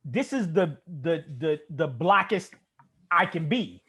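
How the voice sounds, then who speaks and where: Casual, animated man co-hosting a podcast. His pitch swings a lot and he swears freely. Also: slow pace, breathy edge. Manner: profane, animated, repeats words when starting. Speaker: podcast co-host. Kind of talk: casual chat.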